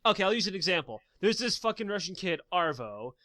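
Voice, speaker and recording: High, bright-voiced ranting podcast man. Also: big pitch swings, brisk, no room sound. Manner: profane, ranting, heated storytelling. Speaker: podcast co-host. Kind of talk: casual gaming podcast chat.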